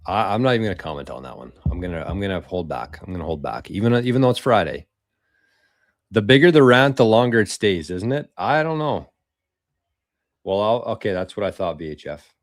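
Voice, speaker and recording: A man hosting a casual livestream, reading viewer comments aloud in a loose, swearing, chatty way with quick laughs. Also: low-pitched, very animated, no room sound, studio quality. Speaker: livestream host.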